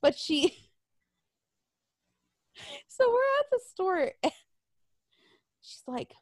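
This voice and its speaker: A young woman with a high, very lively voice tells stories in a loose, profane way, slipping into the voices of the people she quotes. The sound is dry and close, with no room around it. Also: extremely slow, long pauses, no room sound. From Arizona. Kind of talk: casual chat, storytelling.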